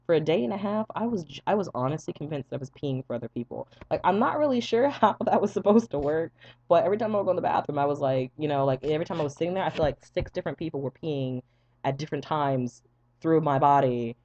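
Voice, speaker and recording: A young man vlogging, telling a story casually to his viewers, animated and profane, laughing often as he goes. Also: on the high side, fast talker. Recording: dull lo-fi dry sound.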